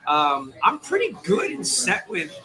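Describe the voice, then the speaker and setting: A man's voice: sits high, wildly swooping pitch, a little slow, music in the background, poor audio. A man co-hosting a casual sports talk show, chatting and rambling with joking asides.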